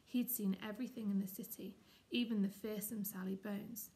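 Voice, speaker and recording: A woman, a teacher, reading a children's chapter book aloud in a steady, expressive way. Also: mid-range voice, normal speed. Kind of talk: storybook read-aloud.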